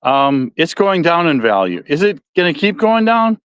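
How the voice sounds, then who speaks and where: A man's voice: a little high, big pitch swings, normal speed, fairly bright tone, clear, resonant tone, dry recording. Folksy Midwestern man with a dry sound. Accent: Midwestern American. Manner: rambling, self-correcting, folksy. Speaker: podcast host. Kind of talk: casual solo podcast talk.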